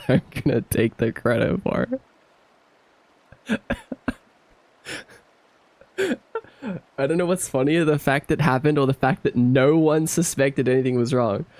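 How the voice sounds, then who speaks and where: A man's voice: a little high, a little mellow, dry recording. A man streaming, chatting casually and animatedly, laughing often and sounding incredulous.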